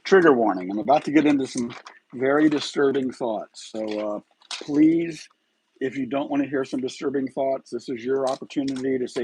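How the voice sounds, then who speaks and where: A man's voice: mid-range voice, normal speed, darkish tone, slight background noise, low-quality recording. A man hosting a live stream of true-crime commentary, agitated and firing rhetorical questions.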